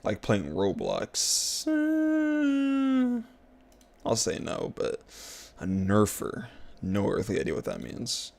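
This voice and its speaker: Young male streamer, low and gravelly, slangy and exasperated, repeats himself a lot. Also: huge pitch swings, takes it slowly, pauses often, darkish tone. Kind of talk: casual gaming commentary.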